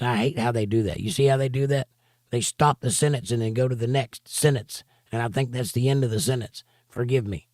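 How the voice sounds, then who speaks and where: Bible study teacher, male, mid-pitched voice, reads passages then comments emphatically, dry close sound. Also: normal speed, no echo. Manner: emphatic, rhetorical asides between readings. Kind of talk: reading scripture aloud with commentary. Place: home studio for a livestream.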